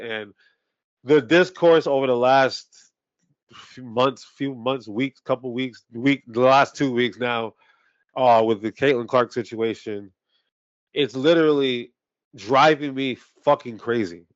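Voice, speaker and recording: A man's voice: mid-range voice, no room sound, lo-fi sound. A man co-hosting a sports podcast, ranting heatedly with heavy swearing in casual talk. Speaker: podcast co-host.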